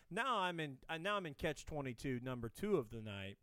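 Brief: wry dad co-host, smooth voice, dry close sound. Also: male voice, fairly high pitch, animated, brisk, fairly bright tone, no room sound. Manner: wry, teasing questions. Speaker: podcast co-host, father. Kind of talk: casual chat.

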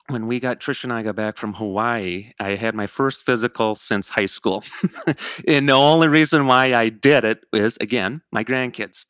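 Earnest, rambling man with a bright voice. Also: lowish voice, smooth, no echo. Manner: rambling, self-correcting, earnest. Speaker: program member. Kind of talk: casual interview.

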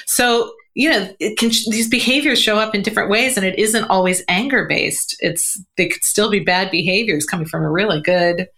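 A woman talking as a guest on a podcast interview, animated and laughing often, with lots of "um" and "you know". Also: mid-range voice, moderate pace, hardly any pauses. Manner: animated, acts out quoted voices, laughs often; frequent fillers like "um" and "you know". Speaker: guest, communication coach.

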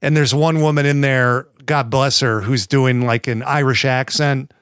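A man's voice: mid-range voice, steady tone, a little slow, fairly bright tone, smooth, dry recording, studio quality. An American man co-hosting a podcast, rambling in casual chat, swearing freely and slipping into playful mock accents. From United States. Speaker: podcast co-host.

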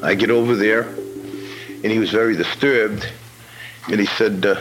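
A man's voice: lowish voice, fairly even intonation, moderate pace, long pauses, fairly bright tone, soft background music, rough recording. A man testifying in a blunt, colloquial way, telling a story from memory. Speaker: witness recounting events.

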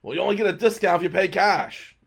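A man voicing a rude, contemptuous male motel desk clerk who snaps loudly at a customer. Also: sits high, steady tone, fast, creaky, husky, voice pushed up, heavily acted. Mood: scornful. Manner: loud, contemptuous and abrupt.

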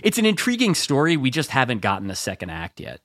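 A man co-hosting a podcast, chatting casually with deadpan humor. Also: mid-range voice, quick pace, dry recording, clean studio sound. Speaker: podcast co-host.

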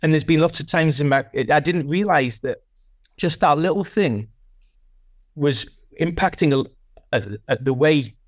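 A man's voice: fairly high pitch, a little slow, no room sound, studio quality. Rambling man reflecting on his career. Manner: rambling, self-reflective, many restarts. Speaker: guest, sales leader. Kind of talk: casual podcast interview.

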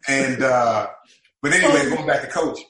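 A former college basketball player telling an animated story, acting out the quoted lines of the conversations he recalls. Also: medium pitch, moderate pace, roomy sound, a little hiss or hum, low-quality recording.

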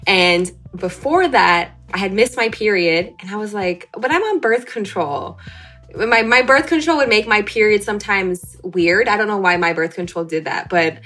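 A woman's voice: normal speed, faint music behind. A young woman, a guest in a casual interview, recounting a personal story and acting out the dialogue with big jumps in her voice. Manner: animated, acts out quoted dialogue with big pitch jumps.

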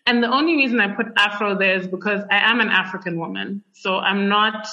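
Chatty young woman, bright lo-fi voice. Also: mid-range voice, brisk. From Zimbabwe. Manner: chatty, many fillers, animated. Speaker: podcast guest. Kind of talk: conversational interview. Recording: dull lo-fi sound.

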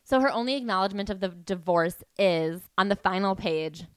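A woman's voice: medium pitch, a little fast, clean tone, no room sound. A woman co-hosting a podcast in casual chat, wry and dry, often reading book passages aloud. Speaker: podcast co-host.

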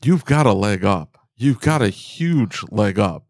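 A man's voice: on the low side, expressive, unhurried, vocal fry, darkish tone, no echo, clean studio sound. A man co-hosting a casual business chat, plain-spoken and joking.

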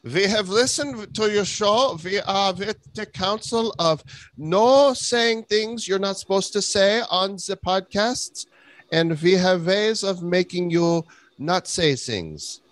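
A man's voice: high voice, no room sound, pitched above the performer's own voice, rough recording. A man voicing a stern, threatening council official. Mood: ominous. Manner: slow, ominous.

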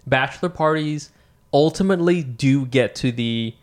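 A man co-hosting a podcast in casual chat, relaxed and playful, swearing casually while telling stories. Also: medium pitch, moderate pace. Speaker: podcast co-host.

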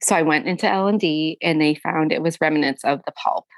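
Young woman guest, low-ish voice, dry close sound, talks in halting emotional bursts. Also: dry recording. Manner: halting, emotional, often quoting herself; frequent fillers and restarts. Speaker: guest sharing a personal story. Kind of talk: candid conversational storytelling.

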